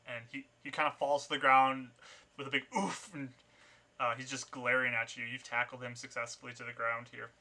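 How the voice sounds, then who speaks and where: Bright-voiced man narrating as game master. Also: medium pitch, monotone, fairly quick. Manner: descriptive, with frequent fillers and restarts.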